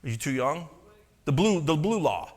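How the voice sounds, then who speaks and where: A man preaches as pastor in a church sanctuary, giving a conversational sermon full of asides and rhetorical questions directed at the congregation. His voice is fairly high, swings widely in pitch and moves at a normal speed.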